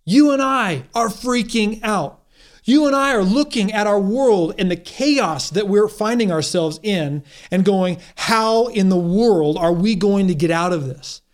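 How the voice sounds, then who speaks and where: A man with a notably high voice delivers a sermon. He speaks earnestly and encouragingly, restarting phrases as he gathers his thoughts. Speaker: pastor.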